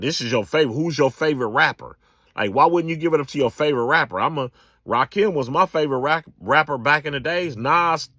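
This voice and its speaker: A man's voice: mid-range voice, fairly bright tone, dry recording, clean studio sound. A man, giving a casual, emphatic political rant full of slang and repetition. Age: 40s. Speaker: political commentator.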